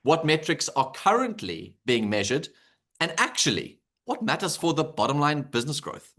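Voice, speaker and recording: A man's voice: fairly high pitch, sing-song, moderate pace, fairly bright tone. A South African man moderating an online panel over a video call, chatty and rambling with fillers. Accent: South African English.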